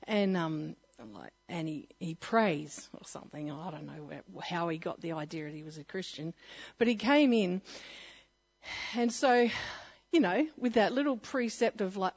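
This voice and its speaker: A woman's voice: lowish voice, lively intonation, moderate pace, darkish tone, breathy edge, highs cut off. A woman giving a personal testimony and Bible teaching, telling her story in a chatty way with frequent laughs and fillers.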